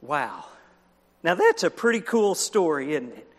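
A man's voice: a little high, big pitch swings, unhurried. A man preaching a children's sermon, telling a story with animation, acting out the characters and asking the listeners questions. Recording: long hall reverb.

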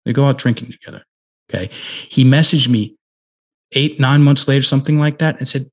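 A middle-aged man, a guest on a podcast, telling a coaching story on a headset mic, emphatic and slowing down to stress key words. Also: mid-range voice, fairly even intonation. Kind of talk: conversational storytelling.

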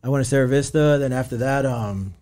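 A man's voice: medium pitch, brisk, darkish tone. A man in his thirties with a Southern California accent, a guest telling stories in an easygoing way, laughing often. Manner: easygoing, laughs while telling stories, says "you know what I mean". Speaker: podcast guest. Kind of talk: casual storytelling.

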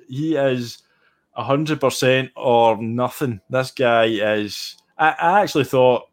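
A man's voice: medium pitch, slow pace. A man with a Scottish accent, a sim racing guest chatting casually and enthusiastically in an interview, often restarting his phrases.

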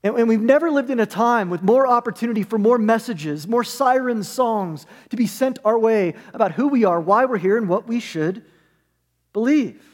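A high-voiced male pastor preaches earnestly, stacking his points in repeated parallel phrases. His voice carries a long reverb through a large sanctuary. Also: lively intonation, normal speed. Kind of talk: sermon.

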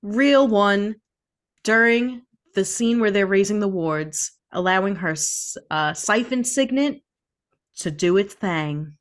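Very slow-talking cheerful woman co-host. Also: medium pitch. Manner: giggly, cheerful award announcing. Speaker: podcast co-host. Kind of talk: casual chat.

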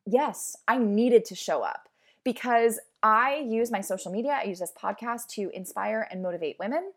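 A woman in her thirties hosting her own podcast, talking candidly and emotionally in a casual, chatty way full of "like"s. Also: mid-range voice. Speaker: podcast host. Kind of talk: casual personal podcast monologue.

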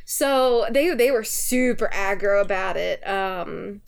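A woman's voice: mid-range voice, expressive, takes it slowly, creaky, slight background noise. A woman with a New York accent, talking animatedly and laughing often in a casual podcast chat. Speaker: podcast co-host.

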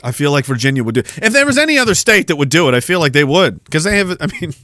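A man's voice: a little high, sing-song, quick pace, pushed and bright, no room sound, studio quality. A man hosting a podcast in casual chat, rambling, swearing freely and joking darkly. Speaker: podcast host.

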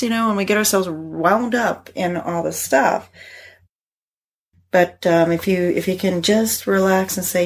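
A middle-aged woman, a therapist and guest, telling family stories in a casual, animated way with frequent laughter. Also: medium pitch, moderate pace, slightly rough. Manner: animated storyteller, laughs often. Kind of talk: casual conversation.

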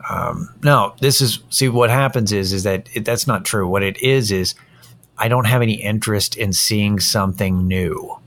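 Tired, rambling low-voiced man. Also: moderate pace, a bit bright. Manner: rambling, tired, self-deprecating. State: drained and worn out. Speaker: podcast host. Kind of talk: casual solo podcast chat.

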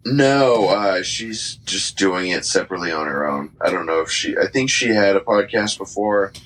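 A man's voice: low voice, expressive, normal speed, fairly bright tone, slight background noise. A man hosting a podcast, chatting loosely with lots of laughs, swearing and fillers. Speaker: podcast host. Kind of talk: casual podcast chat.

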